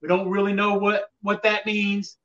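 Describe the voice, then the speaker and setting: Guy with a high voice venting on a sports podcast, kinda far from the mic, muffled lo-fi sound. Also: completely flat delivery, normal speed, pushed and bright. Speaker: podcast co-host. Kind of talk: casual sports talk.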